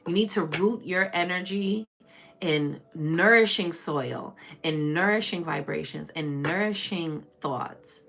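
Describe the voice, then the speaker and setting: Woman tarot reader, low gravelly voice, chatty and preachy live-stream delivery. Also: slow. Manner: chatty and preachy, calls listeners baby and y'all; swings between loud emphatic bursts and low murmurs. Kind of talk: casual spiritual reading on a live stream.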